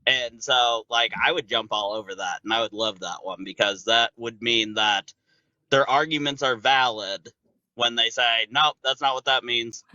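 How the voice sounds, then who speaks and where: A man's voice: medium pitch, moderate pace, pushed and bright, no echo, highs cut off. A man calling in to a live stream, talking in a hesitant, earnest way. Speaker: caller. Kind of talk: casual chat.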